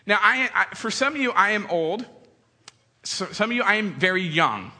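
A man in his thirties with a high, sharply bright voice and a husky edge tells funny stories to an audience. He is animated and acts out voices. A long hall reverb trails his words. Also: normal speed. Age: 30s. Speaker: speaker addressing an audience. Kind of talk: humorous storytelling talk.

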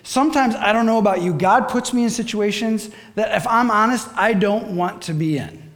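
A man preaching a sermon, animated and conversational, asking the congregation questions and acting out voices in his stories. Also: high-pitched, normal speed.

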